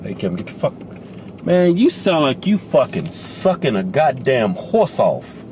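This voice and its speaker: A man with a Southern American accent co-hosting a comedic show, teasing and profane with loud outbursts. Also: medium pitch, sing-song, unhurried, noisy background. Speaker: co-host. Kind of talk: comedic banter.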